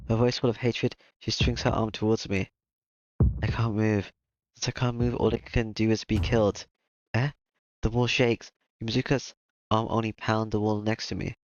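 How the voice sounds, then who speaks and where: A man reading a visual novel aloud in steady first-person narration, over game music. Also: lowish voice, moderate pace. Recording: slightly dull lo-fi mic, game music behind.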